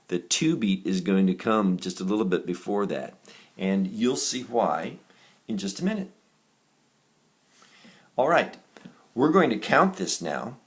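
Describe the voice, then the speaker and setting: A man teaching a recorded music reading lesson, explaining note values patiently and correcting himself now and then. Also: on the low side. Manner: patient, counts beats aloud in a raised chant; steady and explanatory, with small self-corrections.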